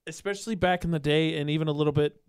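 A man's voice: fairly high pitch, steady tone, rapid-fire, smooth, dry recording. A man from the Midwest co-hosting a casual podcast chat, joking and teasing his co-hosts, into a studio mic. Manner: joking, laughs often, teasing. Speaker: podcast co-host, radio host.

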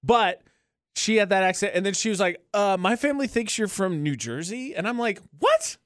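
A man's voice: sits high, animated, fairly quick, clear, resonant tone, dry recording, studio quality. A man co-hosting a radio show, bantering casually and laughing often. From not from Utah.

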